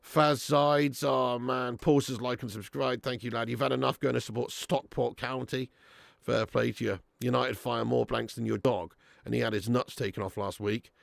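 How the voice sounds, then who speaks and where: A man hosting a football watch-along stream, reading out chat comments in a blunt, sweary manner and breaking into loud rants. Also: medium pitch, fairly even intonation, moderate pace, gravelly, no room sound, clean studio sound. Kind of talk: casual live-stream chat.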